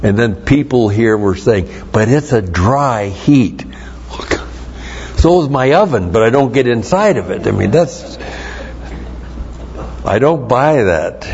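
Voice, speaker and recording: A man preaching a Bible teaching sermon, explaining Greek words slowly and spelling them out letter by letter. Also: medium pitch, lively intonation, a little mellow. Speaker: pastor. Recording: dull lo-fi sermon recording.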